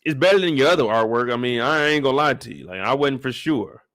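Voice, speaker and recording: A man's voice: mid-range voice, lively intonation, fast, fairly bright tone, no room sound, studio quality, close to an everyday voice. A man casually quoting an easygoing, affectionate middle-aged husband in his own slangy voice. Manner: loose, slangy retelling of a character's lines.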